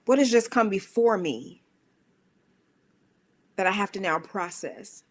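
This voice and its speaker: A woman giving a spiritual motivational talk in a conversational, emphatic way, with rhetorical questions and playful voices for her own inner thoughts. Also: takes it slowly. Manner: animated, acts out her own inner voices with squeaky high bits. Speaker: speaker of a worship center.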